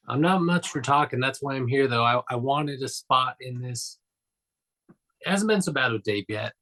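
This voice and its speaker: Man, co-host, laconic, mumbling, mid-pitched. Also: animated, measured pace, pauses often, sharp tone. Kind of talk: comedic wrestling predictions show.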